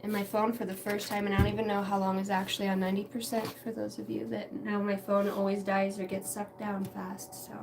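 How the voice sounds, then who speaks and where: A woman's voice: mid-range voice, little pitch movement, brisk, creaky, hardly any pauses. A woman giving a casual livestream tarot reading. She talks in a meandering, reflective way and swears casually now and then. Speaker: tarot and intuitive reader. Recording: distant mic with faint background noise.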